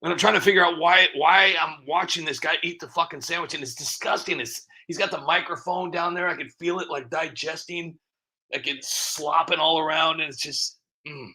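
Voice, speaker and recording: A man hosting a casual live stream rambles along, teasing his viewers and poking fun at himself. His voice sits a little high and sounds bright and sharp. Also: steady tone, normal speed, slightly rough. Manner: rambling, sarcastic, self-mocking. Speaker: streamer host.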